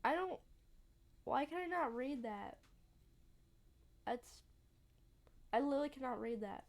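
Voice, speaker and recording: Chatty woman with a gravelly voice. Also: sits high, lively intonation, measured pace. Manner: chatty, lots of "like", blunt reactions. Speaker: let's play gamer. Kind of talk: casual gameplay commentary.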